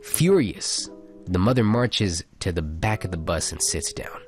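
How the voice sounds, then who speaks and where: A man's voice: low voice, moderate pace, faint music behind. A young man co-hosting a casual chat, reading jokes aloud in a dry storytelling tone. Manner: reads jokes in a dry storytelling tone, laughs often.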